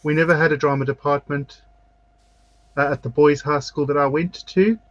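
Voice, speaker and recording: Doing his makeup on a video call, a drag queen hosts a casual chat show, a chatty storyteller who acts out what others said at length. His voice is on the high side, with fairly even intonation and a moderate pace. The sound is lo-fi but echo-free.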